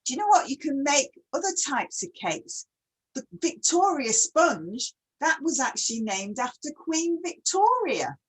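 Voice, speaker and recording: A woman's voice: high-pitched, very animated, a little slow, poor audio. A woman hosting a casual online chat, who talks readily and keeps asking her guest questions. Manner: chatty, asks many questions. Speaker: host.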